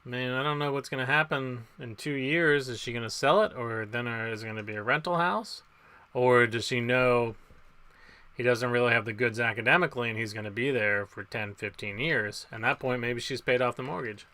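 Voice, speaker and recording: A man's voice: mid-range voice, a little fast, pushed and bright. A man hosting a casual live trivia game from home, reading questions and rambling through jokey asides in between. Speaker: trivia quiz host.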